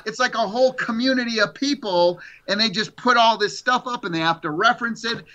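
A middle-aged man, an interview guest, chatting casually as an animated storyteller who repeats words. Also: very high voice, brisk, highs cut off.

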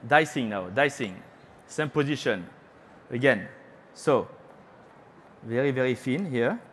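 A man's voice: mid-range voice, animated, unhurried, fairly bright tone, a little hiss or hum. A man from France with a French accent, a chef giving a chatty live cooking demonstration on a trade show stage, teasing the audience and slipping into French phrases.

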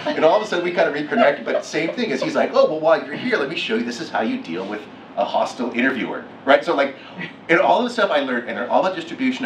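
Man, middle-aged, keynote speaker, animated storytelling, roomy echo, distant mic, faint noise. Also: mid-range voice. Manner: animated, acts out quotes with laughs. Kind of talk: storytelling talk. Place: lecture hall. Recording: echoey hall from far off.

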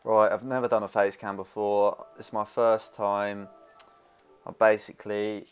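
A man's voice: lowish voice, little pitch movement, a little slow, clear, resonant tone. A young man, commentating nervously and swearing while playing a horror game from a small room. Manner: nervous, swearing, rambling, jumpy. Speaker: gaming youtuber. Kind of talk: casual let's play commentary.

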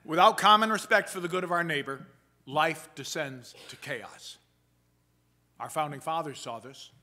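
A man, a pastor, preaching a sermon in a measured, emphatic way and slowing down for quoted passages. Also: on the high side, bright, forceful tone. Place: church sanctuary.

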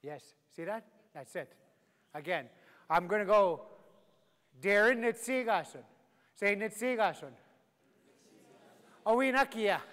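Playful high-voiced man teaching a class. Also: animated, a little slow, pauses often, a bit bright. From Canada. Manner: playful, laughing, drilling phrases for repetition. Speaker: Cree language teacher. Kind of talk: live language class. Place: large hall with a live class. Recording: echoey hall, live class.

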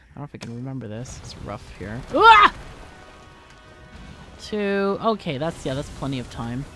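Slow, animated woman gaming aloud. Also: sits low. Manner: puzzling aloud, muttering and exclaiming. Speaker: let's play host. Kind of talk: thinking aloud while gaming.

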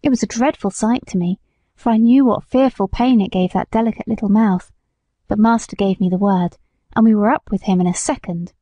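A woman narrating a classic novel in a calm, measured storytelling manner. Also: mid-range voice, dry recording, highs cut off. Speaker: audiobook narrator. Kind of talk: scripted narration.

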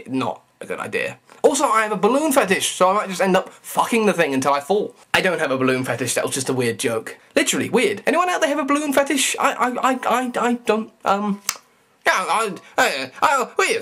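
A man's voice: high-pitched, bright, forceful tone. A young man, talking straight to camera in a rambling, stammering comedic rant full of mock outrage. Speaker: vlogger.

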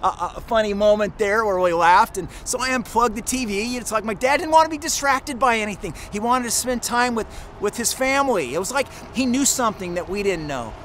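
A middle-aged man, a pastor, recounts a personal story during a sermon. His voice sits unusually high for a man, and he speaks earnestly, often restarting and repeating words as he goes. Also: lively intonation, fairly quick, hardly any pauses, fairly bright tone, a little hiss or hum.

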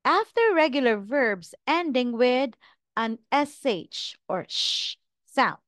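A woman teacher drills English pronunciation, speaking each word very slowly and with careful enunciation. Her voice sits a little high. The recording is dry and close, with no room sound. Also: animated, a bit bright, dry recording. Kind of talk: slow, deliberate pronunciation drill.

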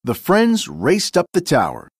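Guy reading a kids storybook out loud, super expressive up-and-down voice, dry close mic. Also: a little high, measured pace, husky, no echo. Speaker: narrator. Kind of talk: storybook read-aloud.

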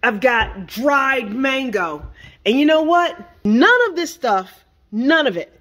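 A middle-aged woman with a slightly high voice vlogs from her home kitchen. She talks in an animated, exasperated rush, piling up rhetorical questions. It sounds like a casual phone recording. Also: slow pace. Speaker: vlogger. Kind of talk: casual vlog rant.

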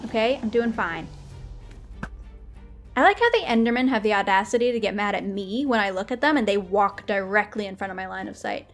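A young woman giving chatty, excitable commentary while playing a video game, often laughing. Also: mid-range voice, fairly quick, soft background music. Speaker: gaming video creator. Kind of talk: live gameplay commentary.

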